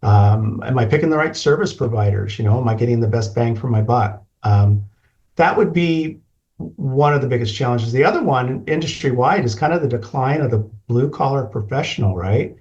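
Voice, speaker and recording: A man as an interview guest, talking in a measured, plain-spoken way. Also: mid-range voice, lively intonation, darkish tone, muffled recording. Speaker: guest, facilities manager. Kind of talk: casual interview chat.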